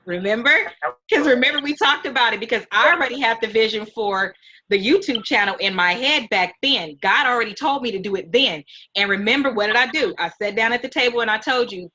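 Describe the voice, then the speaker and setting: Bright-voiced woman host, heartfelt. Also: a little high, brisk, low-quality recording. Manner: heartfelt, animated, mentoring tone. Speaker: host and nonprofit founder. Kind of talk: emotional casual interview.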